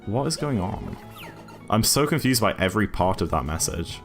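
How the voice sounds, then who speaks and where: A man's voice: fairly low pitch, sing-song, moderate pace, faint music behind. A man from Newcastle with a mixed northern and southern English accent, chatting casually on a stream in a rambling way. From Newcastle, England. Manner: rambling, chatty, frequent restarts and fillers. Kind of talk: casual chat while gaming.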